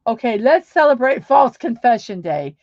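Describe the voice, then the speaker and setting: A woman's voice: a little high, very animated, normal speed, a little mellow, dry recording. A woman hosting a casual livestream, chatting upbeat and reading viewer comments aloud. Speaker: livestream host. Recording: dull lo-fi sound.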